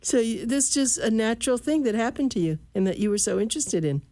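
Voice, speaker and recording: A woman's voice: fairly high pitch, animated, dry recording. Dry-sounding woman interview host. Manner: warm, halting questions with fillers. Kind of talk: interviewing a guest.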